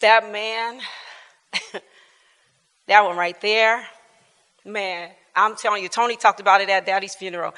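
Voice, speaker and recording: A woman in her fifties teaches a church Bible class with a bright, sharp-edged voice. She tells personal family stories earnestly and informally, laughing often. Her voice carries a long reverb from the church hall. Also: medium pitch, moderate pace, long pauses. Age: 50s.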